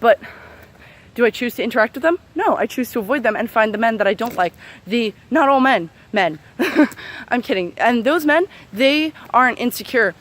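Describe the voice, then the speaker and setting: A woman's voice: fairly high pitch, lively intonation, normal speed, a bit bright. A young woman ranting heatedly to camera as a vlogger, profane and sarcastic, with many fillers. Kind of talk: angry unscripted rant to camera.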